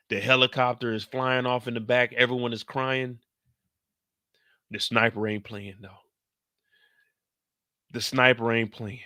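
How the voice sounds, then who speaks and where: A man's voice: medium pitch, sharp tone, no room sound. A man giving a casual, joking and profane recap of a TV episode as host.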